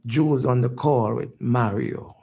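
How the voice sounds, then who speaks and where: A man with a lilt tells his own story on a radio show. His voice is deeply gravelly and husky, with a mellow tone. He talks haltingly and repeats words when moved. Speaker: radio station owner and guest. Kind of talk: emotional personal storytelling.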